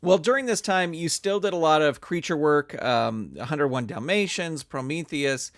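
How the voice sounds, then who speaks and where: A man hosting a podcast, asking measured, prepared interview questions. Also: fairly high pitch, animated, a bit bright, dry recording, studio quality. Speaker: podcast host.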